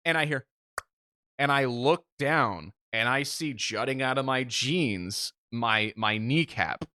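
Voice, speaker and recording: A man co-hosting a podcast, telling a story in casual chat with an animated, self-mocking manner and free swearing. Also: mid-range voice, dry recording, studio quality. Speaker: podcast co-host.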